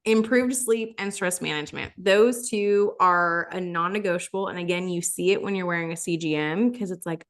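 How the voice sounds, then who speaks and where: A woman with a somewhat low voice co-hosts a casual podcast chat. She gives friendly, practical health advice in an easy, explanatory way. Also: brisk, few pauses.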